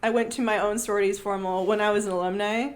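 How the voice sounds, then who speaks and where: A woman's voice: mid-range voice, steady tone, quick pace. A young woman co-hosting a podcast, chatting casually and telling her own story with emphasis. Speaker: podcast host. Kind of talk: casual chat.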